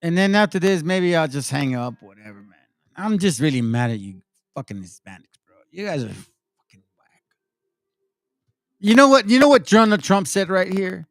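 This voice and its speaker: A high-voiced man rants in angry, mocking commentary, swearing constantly and breaking into scornful laughter. His voice is close and dry, with almost no room sound. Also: big pitch swings, normal speed, long pauses, no echo. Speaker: commentary channel host. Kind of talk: profane commentary rant over played clips.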